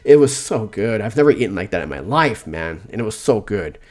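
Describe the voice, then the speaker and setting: A man with a somewhat low voice talks through a casual podcast chat. He rambles, restarts his words and stammers, and often pokes fun at himself. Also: big pitch swings, fairly quick, a little mellow. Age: adult, older than before. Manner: rambling, stammering, self-mocking. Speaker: podcast co-host.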